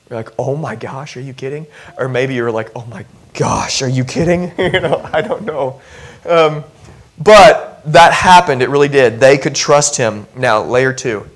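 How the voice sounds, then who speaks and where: Animated man preaching a sermon. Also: on the high side. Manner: animated, conversational preaching with asides and humor. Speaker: pastor.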